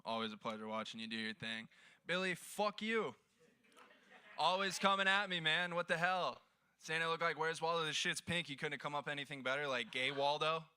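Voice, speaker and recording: A man's voice: on the high side, a little fast, pushed and bright, clean tone. A man opening a stand-up set with brash, profane teasing. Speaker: stand-up comedian. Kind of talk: open mic stand-up opening.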